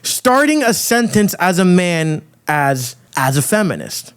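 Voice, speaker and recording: A man hosting a podcast, delivering a loud, crude, provocative rant full of swearing. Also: high-pitched, sing-song, measured pace, clear, resonant tone. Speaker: podcast host. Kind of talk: ranting monologue.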